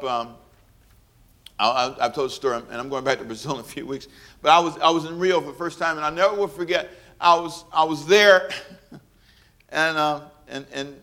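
A man preaching in a church with a bright, fairly high voice. He is lively and playful, tells stories with humor, and leads the congregation in call-and-response. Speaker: pastor. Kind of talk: sermon.

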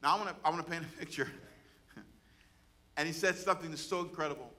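This sermon comes from a pastor with a highish voice who talks fast. He has the congregation echo his words in call-and-response, his exhortation rising and loud.

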